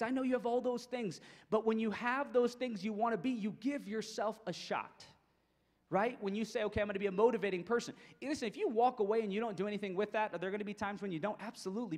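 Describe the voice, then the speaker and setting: A man giving an energetic, emphatic keynote talk to coaches, often repeating points for stress. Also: sits high. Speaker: motivational speaker for coaches. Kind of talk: keynote presentation. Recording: long hall reverb.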